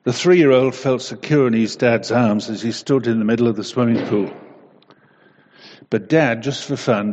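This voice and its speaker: Male preacher, lower voice, gentle storytelling and prayer; echoey, muffled hall recording. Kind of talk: devotional talk and prayer.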